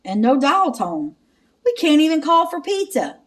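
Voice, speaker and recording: A woman reading a storybook aloud and voicing a jittery, hungry young man who is easily spooked and talks in a high, worried whine. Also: big pitch swings, normal speed. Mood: eager.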